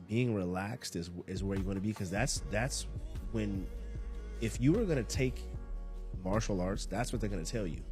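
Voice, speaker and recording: A man's voice: fairly low pitch, a little mellow. A man hosting a podcast, giving a casual motivational monologue in a laid-back, rambling way, often repeating and restarting his phrases. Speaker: podcast host.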